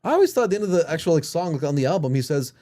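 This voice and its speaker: A man's voice: on the high side, sing-song, very fast, mellow. A middle-aged man co-hosting a casual podcast, reacting in disbelief and quoting lines back. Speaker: podcast co-host.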